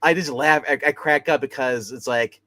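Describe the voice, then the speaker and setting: A man hosting a comic book livestream from his room at home, chatting casually with animated, rambling talk and frequent laughs. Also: mid-range voice, moderate pace, dry recording. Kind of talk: casual chat.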